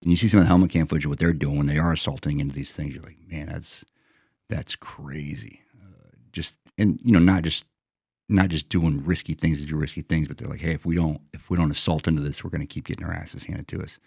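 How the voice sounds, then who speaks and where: A man's voice: very deep voice, fairly even intonation, fast, gravelly, a little mellow, breathy edge, dry recording, clean studio sound. A middle-aged American veteran man telling a combat story in a plain-spoken, casual way, slipping into quoted self-talk. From United States.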